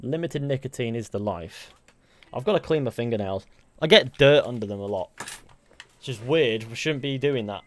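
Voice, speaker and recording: A man's voice: mid-range voice, animated, moderate pace. A man with a mixed Mancunian, West Country and Southern English accent, rambling casually through a live stream and answering viewers from a room at home. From England.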